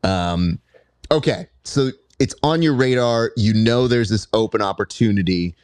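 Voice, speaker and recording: Casting note: man, podcast host, lowish voice, playful storyteller, dry close mic. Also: measured pace, a little mellow, dry recording. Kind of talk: casual interview chat.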